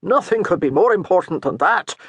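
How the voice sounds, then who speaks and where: A woman narrator voicing a gruff, mocking male priest with a thick Scottish brogue. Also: lowish voice, expressive, brisk, no room sound. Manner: baiting, scolding, dour.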